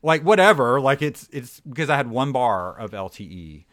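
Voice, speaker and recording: A man with a light Southern American accent tells loose, rambling stories, scattering "like" and "you know" all through them. His voice sits at an ordinary pitch. The recording is dry and close, with no room sound. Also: big pitch swings, moderate pace, fairly bright tone, dry recording. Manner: rambling, filler-heavy storytelling with lots of "like". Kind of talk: casual chat.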